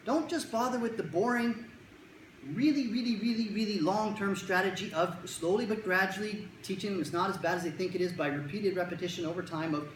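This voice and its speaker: A woman's voice: mid-range voice, fairly quick, a little hiss or hum. A woman giving a lecture, telling anecdotes and acting out the dialogue with animation. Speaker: speaker. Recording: echoey room, faint ambience.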